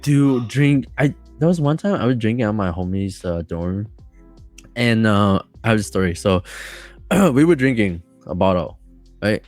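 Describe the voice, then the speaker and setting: A man as a podcast guest telling a story casually, rambling and excited, with many fillers and restarts. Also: lowish voice, moderate pace, faint music behind.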